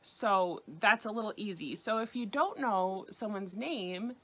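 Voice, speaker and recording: A woman's voice: mid-range voice, a bit bright. American woman teaching French, New York accent. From United States. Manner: clear, deliberate, careful over-enunciation of example words. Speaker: French teacher on a video channel. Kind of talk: scripted language lesson.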